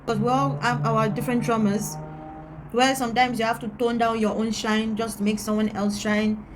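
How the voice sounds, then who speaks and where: A woman's voice: on the high side, little pitch movement, normal speed, soft background music. A woman, ranting candidly to camera as a vlogger, blunt and emphatic, repeating her points for stress. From Antigua.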